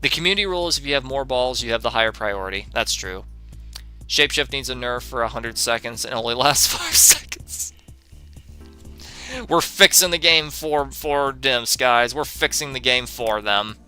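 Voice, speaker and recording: A young man on a game stream with a very bright, forceful and smooth voice. He reads chat and answers in sarcastic, swearing rants, with faint game music underneath. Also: medium pitch, animated, moderate pace. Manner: sarcastic, profane, often laughing.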